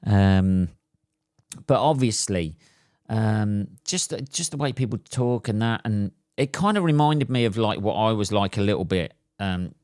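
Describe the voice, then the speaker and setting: A man's voice: on the low side, unhurried, dry recording, studio quality. Sweary man ranting. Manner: sweary, ranting, lively swings between loud and mutters. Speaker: podcast host and stand-up comedian. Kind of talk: casual solo podcast rant.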